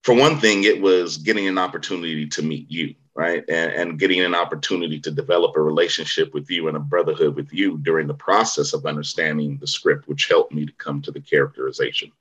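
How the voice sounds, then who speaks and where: Deep-voiced man, bright and forceful. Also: fairly even intonation, fast, hardly any pauses, slightly rough, rough recording. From Vallejo, Bay Area, California. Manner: rambling storyteller, many fillers and restarts. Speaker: actor, interview guest. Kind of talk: casual interview conversation.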